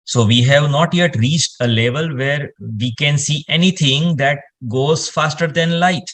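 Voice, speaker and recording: A man's voice: fairly high pitch, measured pace, fairly bright tone. A man, explaining space science in casual conversation and rambling with lots of "you know" fillers.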